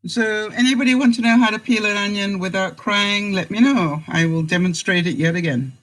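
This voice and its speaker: A woman's voice: mid-range voice, brisk, a bit bright, poor audio. An older woman hosting a casual live-stream chat, talking straight to her viewers and laughing often. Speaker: vlogger host.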